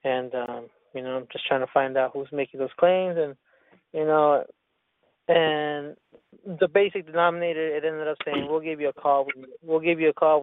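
A man's voice: a little high, no room sound. A man telling a rambling story in casual chat, with lots of profanity and restarts. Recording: tinny phone-line sound.

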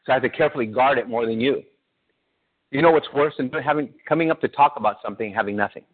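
A fast-talking male pastor with a medium-pitched voice preaches a sermon. His style is conversational, peppering the congregation with questions, and the sound quality is tinny and phone-like.

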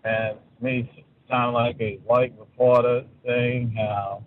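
A man calling in to a radio show, giving his opinions in a halting way and often repeating words. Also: medium pitch, flat delivery, narrow, tinny audio, a little hiss or hum. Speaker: caller. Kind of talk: call-in radio commentary.

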